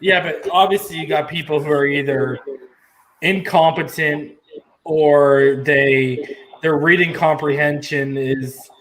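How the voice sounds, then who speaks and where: A man co-hosting a casual sports podcast, emphatic and slowing down to stress his points. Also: fairly high pitch, steady tone, fairly bright tone, poor audio. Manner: emphatic, slows down to drive points home. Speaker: podcast co-host.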